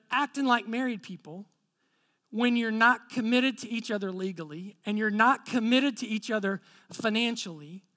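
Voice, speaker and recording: A pastor telling a story from the pulpit in a conversational way. He acts out each person's lines, then drops low and soft when he makes his serious points. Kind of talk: storytelling sermon.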